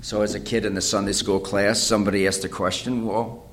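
A man preaching a sermon, reading scripture aloud and explaining it, rising to loud dramatic cries and often repeating phrases. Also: on the low side, little pitch movement, fairly quick.

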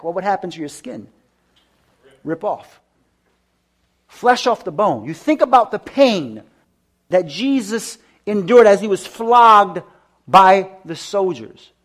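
A man preaching a sermon, reading scripture aloud, questioning his listeners and repeating key words for emphasis, with frequent stammered restarts. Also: high-pitched.

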